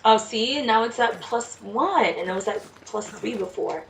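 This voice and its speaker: Woman, casual game commentary, mutters along, creaky voice, slightly off-mic, faint hiss. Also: fairly high pitch, animated, unhurried. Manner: chatty, mutters to herself while playing. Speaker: let's play gamer. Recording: distant mic with faint noise.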